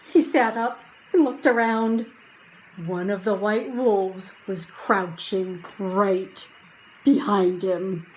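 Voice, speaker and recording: A woman reading a children's chapter book aloud, slow and hushed at quiet moments and lifting her voice for drama. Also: mid-range voice, fairly even intonation, a little hiss or hum, poor audio. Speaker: audiobook reader.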